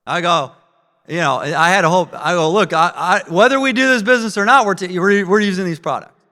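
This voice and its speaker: A man giving a live sales training talk, energetic and asking the audience questions. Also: high-pitched, a little fast, in a large hall. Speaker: network marketing trainer. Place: training event room with audience.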